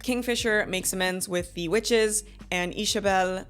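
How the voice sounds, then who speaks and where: A woman in her thirties hosting a book club review in a chatty, animated way, laughing often and acting out quotes. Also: medium pitch, a little slow, faint music behind. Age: 30s. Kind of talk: casual book review chat.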